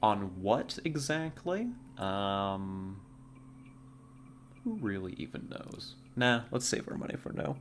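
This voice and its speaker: A man's voice: on the low side, lively intonation, takes it slowly, slight background noise. A man chatting casually while livestreaming a strategy game, rambling and often laughing at his own jokes. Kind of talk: casual gameplay chat while streaming.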